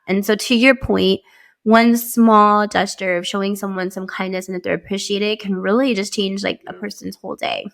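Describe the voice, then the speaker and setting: A woman hosting a podcast, chatting in an animated way and laughing lightly as she tells her own story and asks questions. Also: medium pitch, fairly quick, gravelly. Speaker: podcast host. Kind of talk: casual interview chat.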